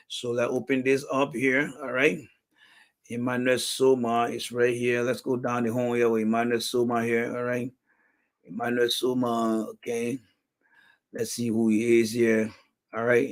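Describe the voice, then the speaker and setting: A man's voice: medium pitch, a bit bright. A man with a Liberian English accent hosting a political livestream, reading viewer comments and bluntly calling people out. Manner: blunt, repetitive, calls out commenters. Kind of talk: live stream talk reading comments.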